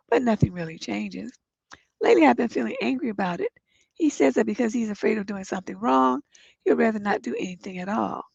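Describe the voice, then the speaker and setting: A woman's voice: on the high side, gravelly, darkish tone, breathy edge, dry recording. A middle-aged woman hosting a relationship advice livestream, sounding congested, who reads viewer letters aloud and then gives blunt, profane advice. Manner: blunt, profane, gets emphatic when giving advice. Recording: dull lo-fi stream audio.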